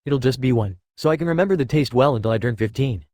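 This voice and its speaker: A man's voice: medium pitch, quick pace, darkish tone, dry recording, studio quality, natural voice. A man voicing a teasing, mischievous young man. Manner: playful, coaxing.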